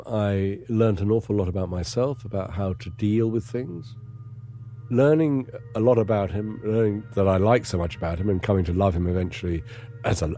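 Very deep-voiced English man, reflective. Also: warm tone. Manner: measured, understated, wry. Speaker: interviewee recounting his captivity. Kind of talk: reflective first-person testimony.

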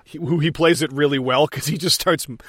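A man co-hosting a podcast retells a scene in casual, profane chat, laughing as he goes. His voice sits a little high. The sound is dry and close. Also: steady tone, a little fast, fairly bright tone, no echo. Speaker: podcast co-host.

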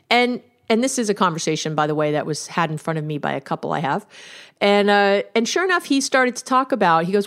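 A woman's voice: mid-range voice, very animated, a little fast. A woman therapist hosting a podcast, explaining relationship tools in a casual, conversational way and acting out sample exchanges. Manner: conversational, acts out quoted exchanges, laughs now and then. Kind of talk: instructional podcast monologue.

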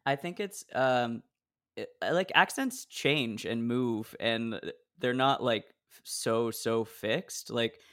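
A male podcast host from Oregon keeps the talk loose and chatty, telling little stories with hesitant restarts. His voice has an everyday middle pitch. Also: slow pace, a bit bright. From Oregon, USA. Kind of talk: casual chat.

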